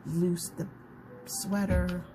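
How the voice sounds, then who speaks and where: A woman's voice: on the low side, level tone, very slow, music in the background. A woman chatting casually to her viewers while she flips through a journal. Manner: chatty, warm-hearted, talks to viewers as "y'all". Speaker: journaling vlogger. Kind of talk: casual chat. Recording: noticeable background noise.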